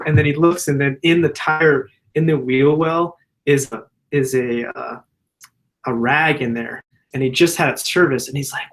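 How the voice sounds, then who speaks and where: A man's voice: medium pitch, moderate pace. A man, a general surgeon, answering viewer questions in a loose, profane, casual way. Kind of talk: casual Q&A chat.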